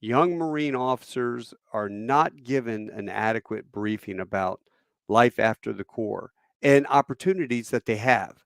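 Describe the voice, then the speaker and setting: A man in his fifties hosting a podcast, chatting casually and telling stories with a relaxed, laughing manner. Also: medium pitch, measured pace, creaky, dry recording, clean studio sound. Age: 50s. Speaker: podcast host. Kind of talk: casual conversation.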